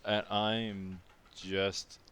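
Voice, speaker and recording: A man's voice: on the low side, level tone, extremely slow, fairly bright tone, a little hiss or hum. A man from Australia telling a rambling personal anecdote as a casual monologue, with frequent restarts and asides.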